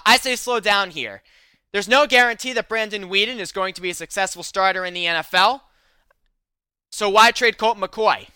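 A man with a high, very bright and sharp voice hosts a sports talk show. He delivers punchy, opinionated takes. His voice is smooth and crisp, recorded dry and close. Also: no room sound.

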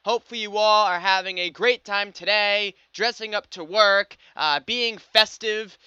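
A young American sports podcast host reads a scripted monologue at a moderate pace, upbeat and wry with plenty of fillers. His high voice is sharp, with a clear, resonant tone, and the dry recording comes across slightly dull.

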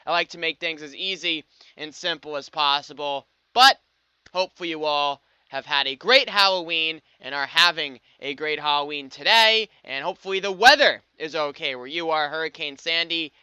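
A man's voice: fairly high pitch, normal speed, pushed and bright, smooth, no echo. A young man from the United States hosting a sports podcast, talking upbeat and wry with frequent fillers. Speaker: podcast host. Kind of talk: scripted sports podcast monologue. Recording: slightly dull dry podcast audio.

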